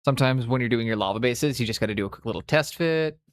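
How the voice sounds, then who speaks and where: A man's voice: medium pitch, fast talker, no echo, clean studio sound. A young man from Canada's West Coast with a mild Western Canadian accent, chatting casually on a live stream while he paints miniatures, in a laid-back, mumbling way with casual swearing.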